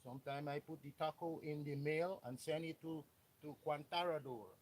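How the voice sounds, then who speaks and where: A man voicing a boastful fast-food worker who speaks in exaggerated broken English. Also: fairly high pitch, steady tone, voice pushed up, natural voice, low-quality recording.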